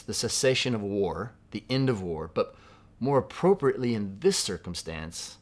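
A man from Southern California preaching a sermon in a conversational, reflective way, dropping to a hush for quoted words. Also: mid-range voice. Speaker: pastor.

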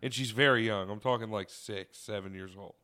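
A man co-hosting a podcast, telling stories in a casual, animated way, swearing and laughing as he goes. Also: fairly low pitch, a little fast. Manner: animated, swears often, laughs mid-story. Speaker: podcast co-host. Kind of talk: casual storytelling chat.

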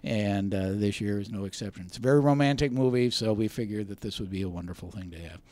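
A man's voice: lowish voice, fast, a little mellow, no room sound. A man talking casually as a guest, hesitant with many fillers and a joking streak. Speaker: arts center guest. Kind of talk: casual radio talk.

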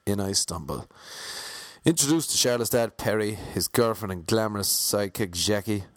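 An Irish man from Ireland narrating a comic travel story with wry, deadpan asides. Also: fairly low pitch, moderate pace, no room sound, studio quality.

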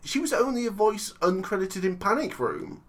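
A man's voice: high voice, big pitch swings, normal speed. A tired man in his thirties co-hosting a casual film-review podcast, rambling and teasing his co-host and laughing often. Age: 30s.

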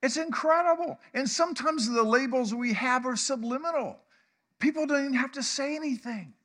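Pastor, 60s, high bright voice, chatty sermon delivery with lots of questions to the room. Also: male voice, normal speed. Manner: conversational, asks the congregation questions, chuckles often.

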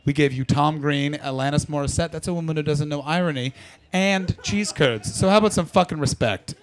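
A man's voice: on the high side, fast. A man from Canada doing stand-up crowd work, brash and profane as he teases the audience. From Ottawa Valley, Canada. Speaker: stand-up comedian.

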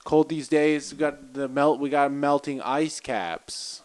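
A man co-hosting a podcast in casual chat, joking and rambling with quick asides. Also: fairly high pitch, smooth. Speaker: podcast co-host.

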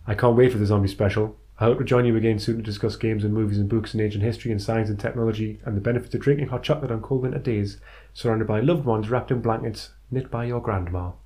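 A man's voice: fairly low pitch, steady tone, fast, hardly any pauses, mellow. A man co-hosting a casual podcast, reading out listener emails and joking crudely with plenty of swearing. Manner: jokey, swears freely, reads listener emails aloud. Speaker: podcast co-host. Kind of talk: casual chat.

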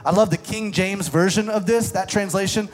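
A man preaching a sermon with passion, climbing to fervent shouts and then dropping to a hushed, prayerful tone. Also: high voice, normal speed, faint music behind. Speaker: pastor. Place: church service streamed online.

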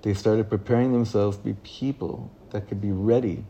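A man teaching a class as a rabbi. He reads a text aloud, explains it line by line, and grows lively when he quotes excited children. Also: normal speed, lo-fi sound, slight background noise. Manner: animated, pitch rising when reading children's excited questions. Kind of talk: Torah lesson.

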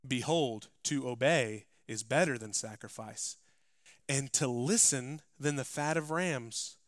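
A male pastor preaching a sermon, climbing to loud, emphatic passages and dropping to quiet asides. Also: mid-range voice, takes it slowly, no room sound, clean studio sound. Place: church.

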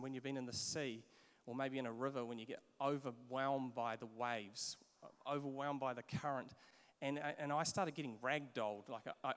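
A man in his forties with a New Zealand accent, preaching a sermon and telling stories in an animated way, with repeated restarts. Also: fairly high pitch. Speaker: pastor. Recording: long hall reverb.

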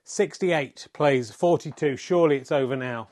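A man's voice: medium pitch, moderate pace, darkish tone. A middle-aged man giving wry, self-mocking mock sports commentary, swearing in mock exasperation at the play. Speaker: comedy snooker commentator.

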